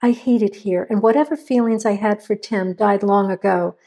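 A woman's voice: medium pitch, normal speed, dark tone, natural voice. A woman voicing an anxious young woman who pleads and gets defensive.

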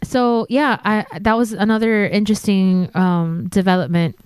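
Smooth-voiced woman, dry close sound. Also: mid-range voice, steady tone, moderate pace, a little mellow, no echo. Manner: laughing, swearing, casual. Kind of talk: casual chat.

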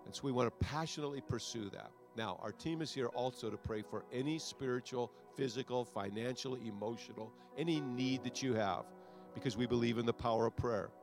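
A man's voice: medium pitch, fairly quick, gravelly, over music. A man preaching as a pastor, with a repetitive, exhorting cadence that builds toward fervent prayer. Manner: rising to loud fervent prayer. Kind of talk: sermon altar call and prayer.

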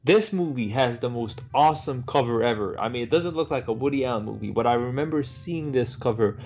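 Gravelly man co-hosting a film podcast. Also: medium pitch, fairly quick, a little mellow, muffled recording, soft background music. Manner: swears freely, bantering. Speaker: podcast co-host. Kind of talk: casual film discussion.

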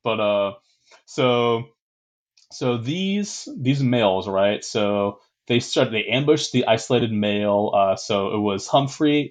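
A young man hosting a casual history podcast, rambling with many fillers, laughing often and swearing casually. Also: lowish voice. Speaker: podcast host.

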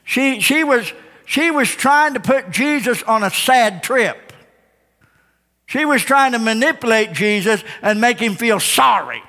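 High, bright-voiced male preacher. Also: animated, measured pace. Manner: dramatic storytelling, rhetorical questions to the congregation. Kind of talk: sermon. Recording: long hall reverb.

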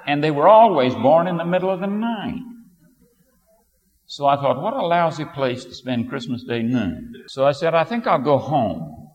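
An older man delivering a sermon, unhurried and storytelling, then leaping up with emphasis. His pitch swings widely as he goes. The recording is muffled and lo-fi, with a long reverb trailing through a large hall. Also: expressive, a little mellow. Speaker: preacher.

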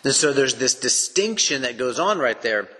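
A man's voice: medium pitch, big pitch swings, moderate pace, pushed and bright. East Texas male Bible teacher, earnest and emphatic, in a reverberant space. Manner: earnest, emphatic, explains step by step. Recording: long echoing reverb.

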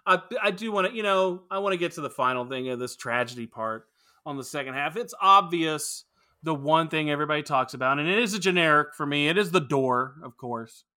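A man's voice: fairly high pitch, expressive, a little fast, pushed and bright. A man co-hosting a podcast in casual film-review chat, rambling, opinionated and profane. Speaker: podcast co-host.

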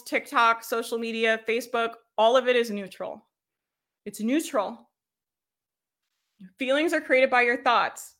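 A business coach leads a casual live workshop, teaching in a chatty way. Her voice is bright and on the high side, she laughs often, and she keeps checking in with "right?".

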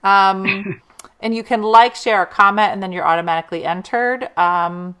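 A woman's voice: mid-range voice, fairly even intonation, moderate pace, fairly bright tone, clean tone. A woman hosting a casual live stream, chatting and reading viewer comments aloud. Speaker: livestream host.

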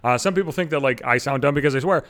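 A man's voice: medium pitch, very fast, fairly bright tone. A man hosting his own podcast, delivering an exasperated comedic rant full of swearing and slightly slurred words. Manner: swears constantly, exasperated ranting. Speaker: podcast host.

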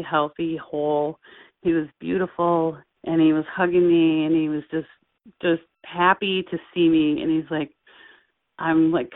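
Earnest woman telling a story over a tinny line. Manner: earnest, lively quoting of dialogue with high acted voices. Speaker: guest sharing a story. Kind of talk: emotional personal storytelling.

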